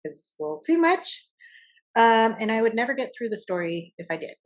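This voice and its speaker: A woman's voice: fairly high pitch, sing-song, brisk. A young woman co-hosting a podcast in casual chat, chatty with frequent laughs and fillers. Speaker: podcast co-host.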